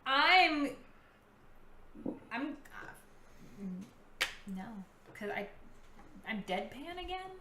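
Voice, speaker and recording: Giggly woman player, bright voice, bouncy up and down, thinks out loud. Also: high voice, drawn-out words, long pauses, a little hiss or hum. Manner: giggly, excitable, thinks aloud. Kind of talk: casual tabletop game play. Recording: roomy echo.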